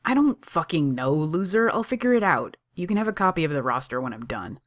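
A reader playing a cocky young coffee-shop owner who shouts and swears sarcastically. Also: medium pitch, very animated, fairly quick, no echo, studio quality. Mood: shouting.

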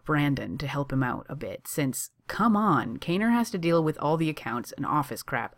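A reader narrating a story in a chatty tone with sarcastic asides. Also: mid-range voice. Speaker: audiobook reader.

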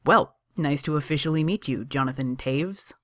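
A reader voicing an excitable young man who works as a barista, eager and teasing as he talks. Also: medium pitch, normal speed, no echo, clean studio sound, natural voice. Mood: playful. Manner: eager and teasing, laughing easily.

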